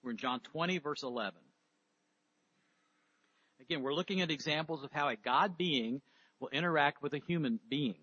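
A man delivers a sermon in a high, bright voice with a husky edge to it. He reads scripture aloud and then explains it, asking questions of his listeners. The recording sounds dull and lo-fi. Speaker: preacher.

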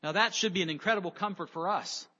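A man preaching a sermon, emphatic, rising loud on key words and dropping low on others. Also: fast, husky. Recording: dull lo-fi sound with long reverb.

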